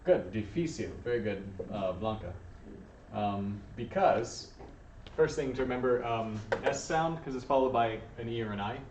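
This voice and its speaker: A man teaching a Spanish lesson to a class, patient and encouraging, often pausing with ums and uhs. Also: medium pitch, lively intonation, background noise. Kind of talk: classroom lesson, calling on students. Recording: distant, echoey, dull room recording.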